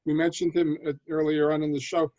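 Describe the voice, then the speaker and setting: A man's voice: fairly high pitch, little pitch movement, fairly quick, dark tone, no room sound, lo-fi sound. A man co-hosting on a video call, mostly chiming in with short agreements. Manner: brief agreeing interjections. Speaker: co-host.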